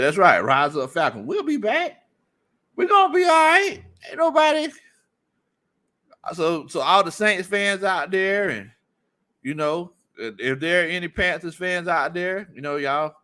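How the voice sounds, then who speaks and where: A man hosting a casual sports livestream, reading viewer comments aloud and breaking into loud laughter. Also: fairly high pitch, normal speed. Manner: laughs often, loud animated outbursts. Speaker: sports stream host.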